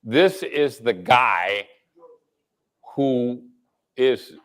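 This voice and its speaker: Slow, clear-voiced man giving a sales talk. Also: medium pitch, animated, a bit bright. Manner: repeats words, checks in with "okay?". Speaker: presenter at a company kickoff. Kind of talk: sales training talk to a live audience.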